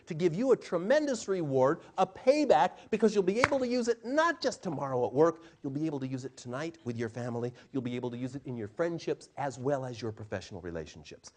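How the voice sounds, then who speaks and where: A middle-aged man, a communication trainer, giving an animated live seminar talk to a room and acting out quotes in changing voices. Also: medium pitch.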